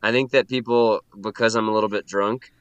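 A man's voice: fairly low pitch, fairly even intonation, brisk, a bit bright, clear, resonant tone. A man taking part as a player in a tabletop role-playing game, playful and stumbling over his words. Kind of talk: in-character tabletop play.

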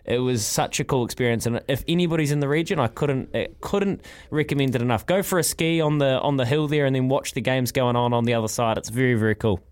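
A man's voice: medium pitch, fast talker, hardly any pauses, clear, resonant tone. A man with a New Zealand accent hosting breakfast radio, talking enthusiastically with many restarts. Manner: enthusiastic, chatty, restarts phrases. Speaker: radio host.

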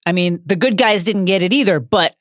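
A man's voice: sits high, fairly quick, a bit bright, no room sound, clean studio sound. A man co-hosting a casual podcast, riffing and joking in slang. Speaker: podcast co-host.

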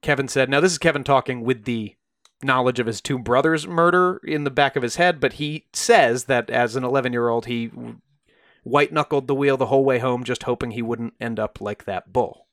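A man's voice: mid-range voice, brisk, a bit bright, no echo, studio quality. A man co-hosting a podcast, telling a true crime story in a casual, conversational way and briefly acting out the quoted voices.

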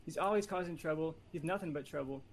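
A man pitching a movie idea on a casual podcast, playful and competitive, rambling through his ideas. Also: fast talker, a little hiss or hum. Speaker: podcast panelist. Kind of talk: casual chat.

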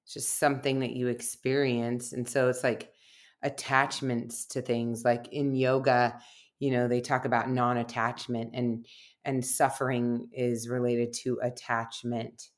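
A woman's voice: a bass voice, flat delivery, unhurried. A middle-aged woman, a research scientist guest, talking reflectively on a podcast, telling personal stories with many fillers. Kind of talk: casual podcast conversation.

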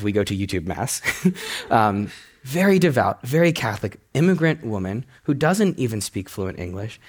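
A young man telling a personal story in a talk, animated and laughing as he goes. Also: breathy edge. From United States. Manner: animated, laughing storyteller who jumps up in pitch. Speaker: speaker giving a talk.

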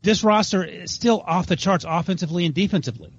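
A man's voice: high voice, fast, slightly rough. Opinionated male podcast host, lo-fi. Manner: emphatic, opinionated. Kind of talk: casual sports podcast chat. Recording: lo-fi remote audio.

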